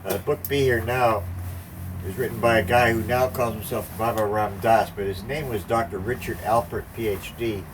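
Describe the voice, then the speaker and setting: A man's voice: on the low side, fairly even intonation, normal speed. An older man telling a rambling, profane anecdote in casual conversation, acting out the voices of the people in it. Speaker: storyteller. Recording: distant mic with faint background noise.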